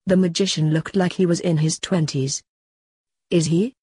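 A woman hosting a podcast and reading her own story in a steady, even way. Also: fairly low pitch, normal speed, breathy edge, no echo. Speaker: podcast host, author.

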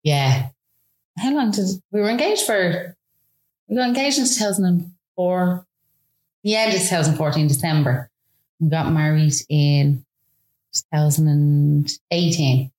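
Low-voiced chatty Irish woman. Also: a little slow, echoey room. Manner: animated, chatty, many fillers. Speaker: guest. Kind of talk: casual storytelling.

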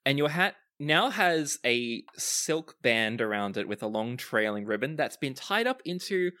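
Lively man narrating a tabletop game. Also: mid-range voice, unhurried. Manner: lively, hesitant with fillers. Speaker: game master.

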